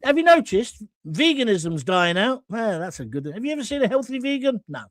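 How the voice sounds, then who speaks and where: A blunt, combative, jokey host reads viewer comments aloud on a live stream and fires back with jokes and jabs. His high voice takes big pitch swings and moves briskly. The sound is close and dry, with no echo.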